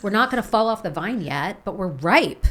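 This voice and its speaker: A woman hosting a heartfelt podcast interview, guiding her guest through slow, soothing reflections. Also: mid-range voice, animated, a bit bright, rough recording. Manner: slow, soothing guided reflection with long lists. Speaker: podcast host.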